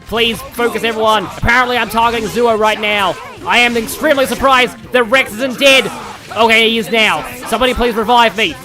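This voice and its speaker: An Australian man commentating his gameplay livestream in a loud, over-the-top pitchman voice he keeps up as a bit. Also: steady tone, brisk, over music. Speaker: streamer.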